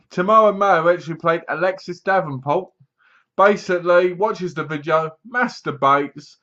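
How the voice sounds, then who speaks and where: Casual male film reviewer, slightly high voice, sarcastic and mocking, lo-fi home recording. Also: normal speed, pushed and bright. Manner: sarcastic, mocking, acts out scenes. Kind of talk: casual spoken movie review. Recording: dull lo-fi sound.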